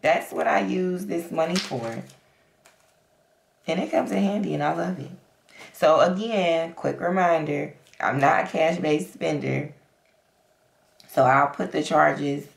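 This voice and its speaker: A woman's voice: low-pitched, vocal fry, reverberant. A young adult woman, chatting casually and playfully as she talks through her savings and counts cash aloud. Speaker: budgeting vlogger. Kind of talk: casual chat to camera.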